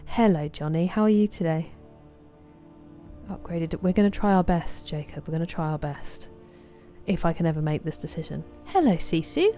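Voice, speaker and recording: A woman with a southeast English accent chats easily with her live viewers while playing, greeting them one by one. Her voice sits fairly low and sounds mellow and relaxed, and soft music plays faintly underneath. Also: normal speed. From southeast England. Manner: chatty and friendly, greeting viewers by name. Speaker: game streamer. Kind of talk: casual chat with live viewers while gaming.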